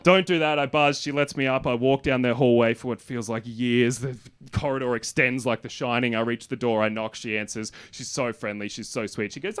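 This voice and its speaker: A young man doing stand-up, telling a long story on a comedy club stage and bursting into loud exasperated asides. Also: medium pitch, fairly quick, few pauses, smooth.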